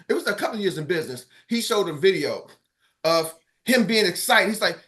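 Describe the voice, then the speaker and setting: A man's voice: high-pitched, lively intonation, quick pace, pushed and bright. A middle-aged man coaching his sales team on a morning call, fired-up and preachy, calling out to the group.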